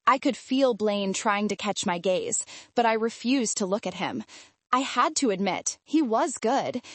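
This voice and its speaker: Expressive woman reading an audiobook. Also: medium pitch, a little slow, dry recording. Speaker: audiobook narrator. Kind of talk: first-person audiobook narration.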